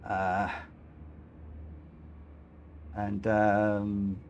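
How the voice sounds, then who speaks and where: A man's voice: fairly low pitch, monotone, very slow, lo-fi sound, a little hiss or hum. A man hosting a live racing game stream, talking in a chatty, rambling, self-deprecating way. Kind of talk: casual live-stream commentary.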